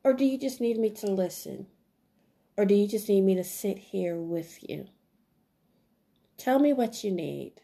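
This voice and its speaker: A woman with a mellow, warm-toned voice talks straight to her listeners in an earnest, encouraging way. She leans on repeated phrases like a gentle sermon. Her pitch sits in an ordinary middle range. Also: animated, a little slow, gravelly, pauses often. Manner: earnest, repetitive, preachy and encouraging. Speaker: podcast host. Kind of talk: motivational self-help talk.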